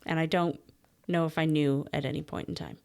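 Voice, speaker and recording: A woman co-hosting a podcast in an easygoing, chatty way. She is opinionated and explains things at length. Her voice sits a little low. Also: fairly even intonation, a little fast, vocal fry, darkish tone. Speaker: podcast co-host. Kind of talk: casual podcast chat.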